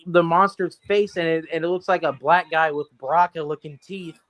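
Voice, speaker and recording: A man co-hosting a casual podcast chat, rambling and swearing as he tells stories in an animated way. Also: on the high side, normal speed. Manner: profane, rambling, animated storytelling. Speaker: podcast co-host.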